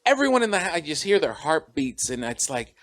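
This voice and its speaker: A man's voice: fairly high pitch, sing-song, fairly quick, fairly bright tone. A middle-aged man, a comedian guest, chatting in an interview and telling anecdotes where he acts out the voices of the people in them. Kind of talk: storytelling interview chat.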